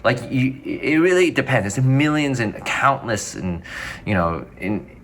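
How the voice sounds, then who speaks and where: A man being interviewed as a physician guest, talking casually in quick, rambling answers that restart and self-correct. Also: mid-range voice, sing-song, a bit bright.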